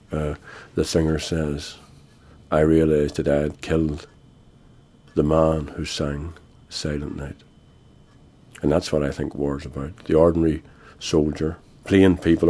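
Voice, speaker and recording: An older Irish man, a guest in a radio interview, speaking in a measured, grave way with frequent pauses. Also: extremely low pitch, warm tone. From Ireland.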